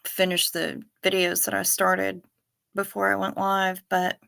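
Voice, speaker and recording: A woman's voice: medium pitch, little pitch movement, measured pace, gravelly, fairly bright tone. A middle-aged woman, hosting a late-night livestream, tired and yawning as she chats casually with viewers and reads their comments. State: sleepy. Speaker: livestream host.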